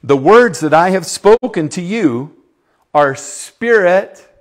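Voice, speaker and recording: Emphatic preaching man, slightly high voice. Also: animated, slow. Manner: emphatic, swinging from loud to hushed; asks the audience questions. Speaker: youth preacher. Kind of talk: sermon.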